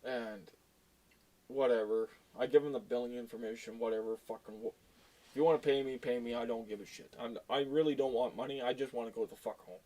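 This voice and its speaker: A man's voice: mid-range voice, fairly even intonation, fairly quick, mellow. A middle-aged man from Canada, a tow truck driver, telling a story in a blunt, profane and exasperated way. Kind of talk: casual storytelling rant.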